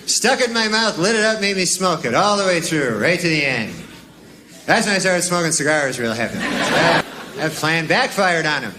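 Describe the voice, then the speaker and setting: A male comedian telling stand-up bits and mock news jokes in a deadpan, drawling way with wry asides. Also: fairly high pitch, normal speed. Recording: old TV audio with audience laughter and hiss.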